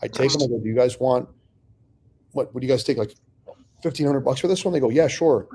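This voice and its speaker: A middle-aged man spins a long personal story in a relaxed podcast chat. His voice is mellow and warm at an ordinary pitch. He swears often and slips into other people's voices as he quotes their words. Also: fast, breathy edge. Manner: profane, animated storyteller acting out dialogue. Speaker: real estate investor telling his story.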